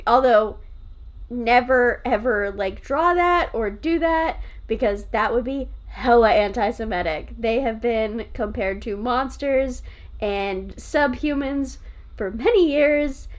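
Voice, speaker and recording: A woman co-hosting a loose improv podcast, her voice sitting high and swinging widely in pitch. She riffs quickly, jumps between jokes and asides, and swears freely as she talks. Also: expressive. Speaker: podcast co-host. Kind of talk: casual improv chat.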